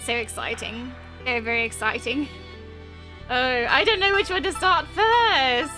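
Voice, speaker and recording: A woman's voice: sits high, measured pace, pushed and bright, faint music behind. A young woman streaming a let's play, chatting in a bubbly, gushing, giggly way into a desk mic at home.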